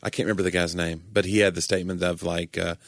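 A man's voice: low voice, little pitch movement, fast talker, creaky, dry recording, studio quality. A man co-hosting a casual Christian conversation, agreeing readily and chiming in with short affirmations. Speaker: Christian podcast co-host.

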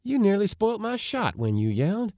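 A man voicing a proud young ranch woman and sharpshooter who speaks in a deliberate, sugary, mocking way in a storybook reading. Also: high-pitched, big pitch swings, darkish tone, no room sound, studio quality, pitched above the performer's own voice. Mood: teasing.

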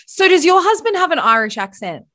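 A woman's voice: very high-pitched, big pitch swings, a little fast, a bit bright. A woman hosting a podcast in a bubbly, exclamatory casual chat, swearing now and then. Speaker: podcast host.

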